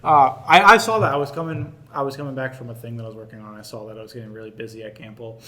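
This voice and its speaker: A man's voice: mid-range voice, a little hiss or hum. Young man telling stories in an echoey room. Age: young adult. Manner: animated storyteller, asks quick questions. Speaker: podcast co-host. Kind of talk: casual chat.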